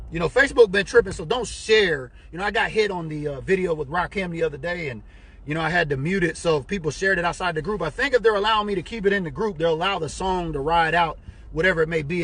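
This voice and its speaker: Husky, high-voiced man chatting on a livestream. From United States. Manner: chatty, animated, frequent "you know what I'm saying". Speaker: fan group owner and live-stream host. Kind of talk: casual live-stream chat. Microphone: computer or phone mic on a live stream.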